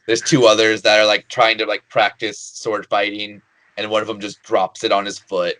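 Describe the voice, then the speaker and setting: A man's voice: on the low side, flat delivery, normal speed, pushed and bright, no room sound, poor audio. A man running a tabletop game as dungeon master, narrating casually with many fillers.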